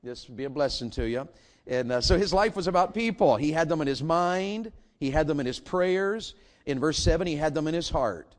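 Animated preacher. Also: male voice, a little high, brisk. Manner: animated, rhetorical questions to the congregation. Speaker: pastor. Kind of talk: sermon.

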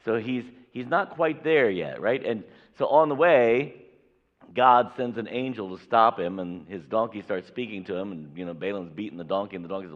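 A man's voice: sits low, moderate pace. A man preaching a sermon from a church pulpit, talking emphatically and acting out the people in a Bible story. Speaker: pastor. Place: church sanctuary. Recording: echoey hall, dull lo-fi audio.

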